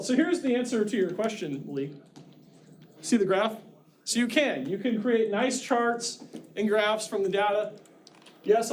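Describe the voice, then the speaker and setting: A middle-aged male instructor lectures a class in a high, chatty voice. He drifts into joking asides between his points. A faint hiss sits under the room sound. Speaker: college instructor.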